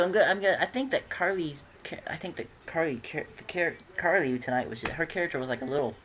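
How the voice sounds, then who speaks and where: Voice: mid-range voice, a bit bright, a little hiss or hum. A fan casually reviewing TV episodes, rambling with frequent restarts and giggles.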